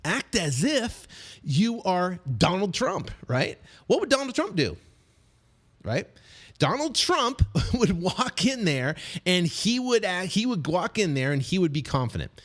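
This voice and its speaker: A middle-aged man coaching on real estate deals in a casual motivational monologue, animated and repetitive, full of fillers, restarts and quick acted snippets. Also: high-pitched. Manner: acts out quick snippets of other voices.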